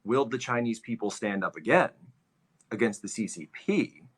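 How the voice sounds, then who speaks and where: A man's voice: on the low side, lively intonation, normal speed, husky. A man hosting political commentary, lecturing on history and stressing points by repeating phrases.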